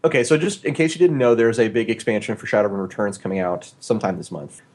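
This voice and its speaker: A man's voice: on the low side, fast talker, darkish tone. A man co-hosting a casual podcast, rambling with lots of filler words and restarts, on a studio microphone in a small home studio. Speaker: podcast co-host. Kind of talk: casual chat. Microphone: new studio microphone.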